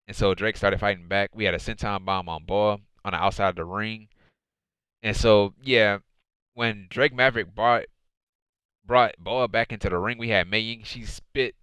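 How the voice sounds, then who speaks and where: A man's voice: on the low side, pushed and bright, clear, resonant tone, dry recording. A man hosting his own wrestling review show, recapping the episode in a casual, rambling way, repeating phrases and often saying "man" and "dude".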